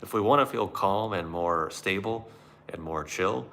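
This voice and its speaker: A man's voice: low voice, a little slow, creaky, a bit bright, slight background noise. A man giving a sardonic monologue on spirituality and self-help, mocking it and acting out the voices he quotes.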